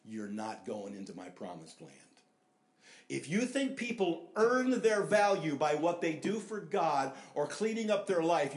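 An older American man preaching a sermon with emphasis, repeating key phrases and swinging between loud and hushed delivery. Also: a little high. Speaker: pastor. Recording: echoey room.

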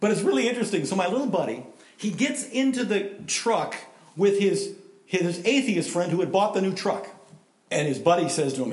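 A middle-aged man preaching a sermon in a lively, conversational way, voice rising for emphasis. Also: sits high, a little fast. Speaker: pastor. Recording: roomy echo.

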